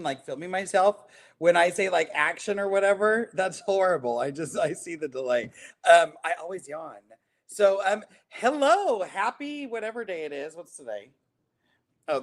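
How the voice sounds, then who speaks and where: A man's voice: high-pitched, gravelly. A man hosting a casual livestream, chatty and rambling with many fillers. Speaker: quilting livestream host.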